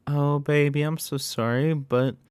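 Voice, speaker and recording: A man playing a manipulative young woman who coos apologies while shifting the blame. Her tone is sugary and coaxing, pitched above his usual voice. It is recorded dry and close. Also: steady tone, a little slow, darkish tone, clean tone, dry recording, close to an everyday voice.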